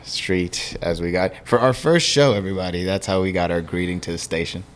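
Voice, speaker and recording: A man's voice: low voice, brisk. A man co-hosting a casual podcast chat, laid-back and joking, swearing casually. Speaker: podcast co-host.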